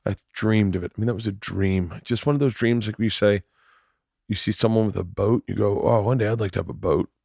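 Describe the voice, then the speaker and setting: Man, podcast host, low voice, earnest, rambling, dry close mic. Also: fairly even intonation, a little fast, vocal fry, darkish tone, breathy edge, no echo. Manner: earnest, rambling, repeats himself. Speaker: podcast host and touring comedian. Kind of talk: casual podcast chat.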